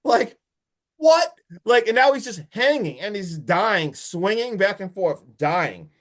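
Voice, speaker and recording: A man co-hosting a podcast, recapping a movie in a casual, excited way with lots of swearing and fillers. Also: high voice, unhurried. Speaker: podcast co-host.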